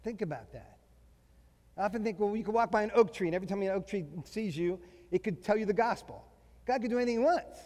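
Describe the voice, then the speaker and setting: A middle-aged man delivering a sermon in a large hall, his voice sitting high for a man. He leans hard on key words, drawing them out slowly, and tells funny stories about his own family. A long echo trails after him through the room. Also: a little mellow. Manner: emphatic, slows down to stress key phrases, mixes in humorous family stories. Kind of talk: sermon to fathers.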